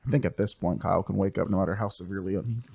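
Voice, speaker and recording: A man's voice: deep voice, fairly even intonation, rapid-fire, gravelly, a little mellow, a little hiss or hum. A young man playing a tabletop game, chatting casually and asking lots of questions. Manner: curious, asks lots of questions. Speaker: player. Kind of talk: casual chat while gaming.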